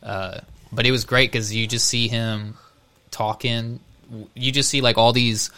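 Bright-voiced man telling stories casually. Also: mid-range voice, steady tone, a little slow, smooth. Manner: chatty storyteller, acts out quotes. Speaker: podcast co-host. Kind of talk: casual chat.

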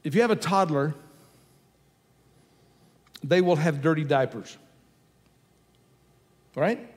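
A man's voice: a little high, slow pace. A man preaching a sermon in a conversational way, repeating his key phrases for emphasis. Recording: long hall reverb with faint music.

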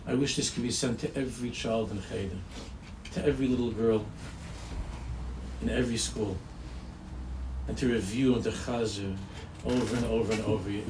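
A man giving a sermon as a rabbi, earnest and storytelling, repeating phrases and slowing down for emphasis. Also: on the low side, fairly even intonation. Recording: echoey room from a distance with noise.

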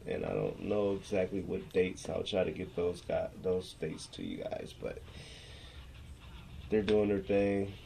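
A man's voice: deep voice, sing-song, a little slow, vocal fry, dark tone, slight background noise. A man co-hosting a podcast in casual banter, brash and teasing, swearing often. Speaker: podcast co-host.

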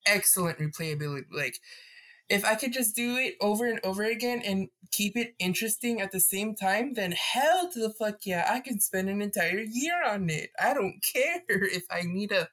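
A man joins a relaxed gaming podcast as a guest. He talks eagerly and at length, dropping casual swears as he goes. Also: high voice, normal speed.

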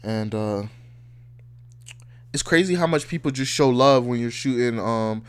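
A man's voice: medium pitch, a little slow, smooth. A man in his twenties hosting a podcast, ranting casually in a blunt, heated, profane way. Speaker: podcast host. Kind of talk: casual rant.

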